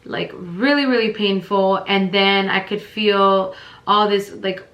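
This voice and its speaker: A young woman vlogger casually telling a long personal story, rambling with lots of fillers and lively quoted voices. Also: medium pitch, slow, echoey room, dull audio.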